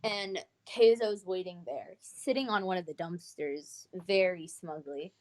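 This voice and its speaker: A woman's voice: lowish voice, unhurried. A woman running a tabletop role-playing game, hesitating often as she describes the scene and calls for rolls. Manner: hesitant, many fillers. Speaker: game master.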